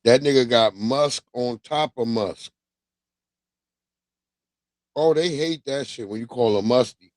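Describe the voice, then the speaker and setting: A man hosting a livestream, chatting casually with animated, profane storytelling and laughs. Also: medium pitch, takes it slowly, pauses often, dry recording. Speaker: livestream host. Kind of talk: casual commentary.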